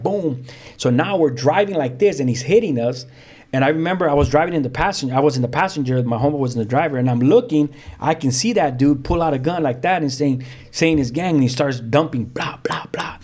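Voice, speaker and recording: A man, a pastor telling his own story as a guest in lively, vivid storytelling with street slang and sound effects. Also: mid-range voice, quick pace. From South Central Los Angeles. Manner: frequent restarts, street slang. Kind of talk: animated storytelling.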